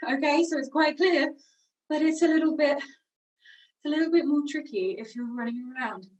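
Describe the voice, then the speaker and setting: High-voiced woman leading a lively warm-up. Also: normal speed. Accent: British English. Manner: energetic, moving around while instructing. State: slightly out of breath. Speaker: singing workshop leader. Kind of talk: leading a warm-up game over video. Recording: voice from a distance from the mic.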